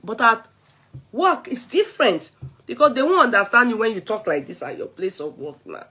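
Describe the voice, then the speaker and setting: Animated Nigerian woman vlogger. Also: a little high, normal speed, husky. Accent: Nigerian English. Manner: mixes English, Yoruba and pidgin, animated. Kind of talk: casual chat.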